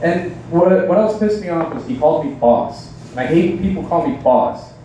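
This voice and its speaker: A young man doing a halting, deadpan stand-up set at a bar open mic night. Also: a little high, slight background noise. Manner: halting, deadpan delivery with many ums. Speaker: stand-up comedian. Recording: echoey bar sound from a distance.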